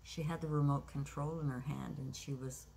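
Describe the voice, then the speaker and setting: A woman in her sixties shares a personal story in a relaxed vlog. Her voice sits very low. Her delivery is reflective and halting, full of pauses and restarts, with a faint hiss behind it. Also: creaky. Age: 60s. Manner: reflective, unhurried, with many um's and restarts. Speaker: craft vlogger.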